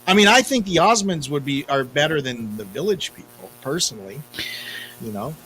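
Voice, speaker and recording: A man's voice: a little high, animated, normal speed, fairly bright tone, slight background noise, low-quality recording. Chatty middle-aged male podcast host. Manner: chatty storyteller, self-deprecating. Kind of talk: casual chat.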